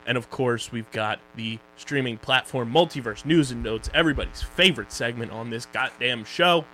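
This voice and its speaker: A man's voice: mid-range voice, normal speed, sharp tone, a little hiss or hum. A young man co-hosting a casual podcast about streaming shows, joking loosely as he runs through social plugs and sponsor reads. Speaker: podcast co-host.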